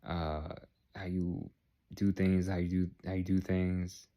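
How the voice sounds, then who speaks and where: A man's voice: sits low, flat delivery, moderate pace, warm tone. A man vlogging in a casual, rambling way, repeating phrases and checking in with the viewer. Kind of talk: casual talk to camera.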